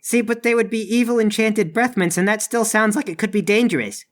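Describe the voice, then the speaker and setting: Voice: medium pitch, brisk, pitched above the performer's own voice, lightly acted. A game master voicing a timid male servant who stammers and defers politely.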